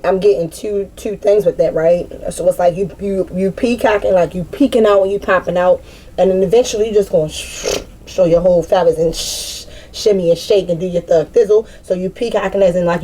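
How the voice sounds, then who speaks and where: Slangy, profane woman reading cards. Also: fairly low pitch. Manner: loose, profane, slangy and animated. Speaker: tarot reader. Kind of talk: casual spiritual card reading.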